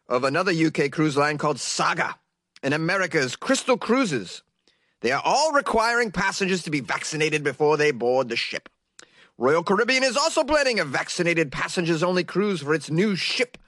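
A man's voice: a little high, fairly bright tone, no room sound, studio quality. A man putting on a stiff, pompous male British newsreader voice to read the news.

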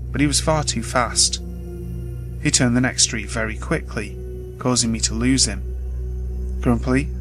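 A man reading a scripted first-person horror story in a steady, measured way, with faint music behind. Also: mid-range voice, rough recording.

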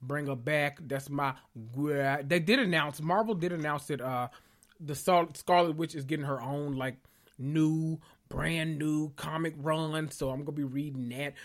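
Breathless man chatting excitedly. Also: fairly high pitch, moderate pace. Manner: excitable, swears freely, keeps addressing listeners as "y'all". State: a little out of breath and sweating after a big meal. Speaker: podcast host. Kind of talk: casual pop-culture recap podcast.

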